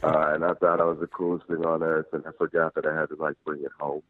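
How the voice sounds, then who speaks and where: A man in his thirties from Nigeria, a guest telling relaxed stories over the phone and laughing often. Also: rumbling low, fast talker, no echo. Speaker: guest actor. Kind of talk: casual phone interview. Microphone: phone line. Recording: tinny dry phone line.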